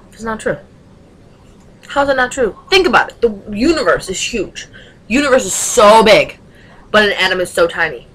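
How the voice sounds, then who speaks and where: A woman's voice: mid-range voice, lively intonation, moderate pace, fairly bright tone, slightly rough, poor audio. A young woman vlogger talking straight into her webcam, with emphatic, passionate delivery full of rhetorical questions. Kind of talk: casual webcam rant.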